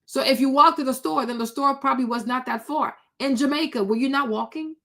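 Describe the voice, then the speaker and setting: Woman, high-pitched, sassy, blunt, scolding, rhetorical questions, vlog commentary. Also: a little fast, sharp tone. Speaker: commentary vlogger. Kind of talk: reaction commentary.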